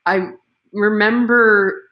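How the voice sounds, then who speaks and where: A woman's voice: mid-range voice, steady tone, slow pace, highs cut off, a little hiss or hum. Chatty Canadian woman on a video call. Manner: chatty, self-deprecating, laughs easily. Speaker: guest. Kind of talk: casual live interview chat.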